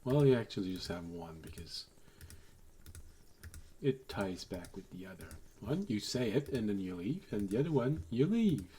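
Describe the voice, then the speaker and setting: A man's voice: fairly low pitch, very animated, normal speed, warm tone, a little hiss or hum. A man streaming while he draws a map, thinking aloud, muttering to himself and making dry asides to his chat over a desk microphone.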